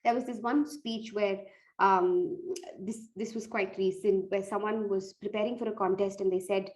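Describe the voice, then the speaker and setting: A woman's voice: medium pitch, fairly even intonation, normal speed, a little mellow, poor audio. A woman giving earnest, direct tips on evaluating speeches, restarting phrases as she goes. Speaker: speech contest coach.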